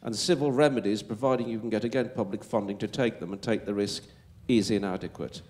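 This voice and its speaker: A man's voice: on the low side, fairly even intonation, fast, a little mellow. Emphatic Wolverhampton-accented man. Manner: emphatic, repeats words when building a point. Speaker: panelist. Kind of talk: panel discussion answer.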